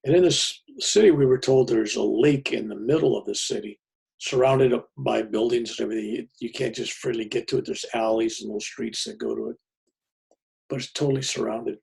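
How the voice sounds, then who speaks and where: A man tells a personal story in a plain, folksy way. His voice is heavily gravelly and rough, and the tone stays raspy throughout. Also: mid-range voice, a little fast, a little mellow. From United States. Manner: plainspoken and folksy, with many fillers and restarts. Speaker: pastor.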